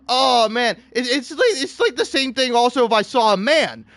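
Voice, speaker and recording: A man ranting in a comedic way, exasperated and theatrical, swinging between shouting and muttering. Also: very high voice, expressive, moderate pace, few pauses, dry recording. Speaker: online video creator. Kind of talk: comedic rant.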